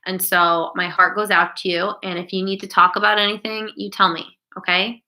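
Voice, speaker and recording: A woman's voice: mid-range voice, little pitch movement, brisk, sharp tone, low-quality recording. A woman teacher hosting a live online class Q&A, talking directly to her students by name.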